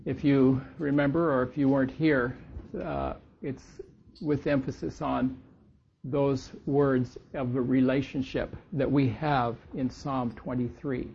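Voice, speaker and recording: A man leading a church group in reading scripture aloud, slow and deliberate, stressing the key words. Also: mid-range voice, level tone, creaky, darkish tone, slight background noise. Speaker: church class leader. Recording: dull lo-fi recording.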